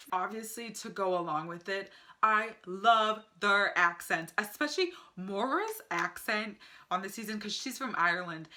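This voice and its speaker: Young American woman, crisp bright tone, gushing casual vlog chat, laughs easily. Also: mid-range voice. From United States. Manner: chatty and enthusiastic, laughs often. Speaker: vlogger.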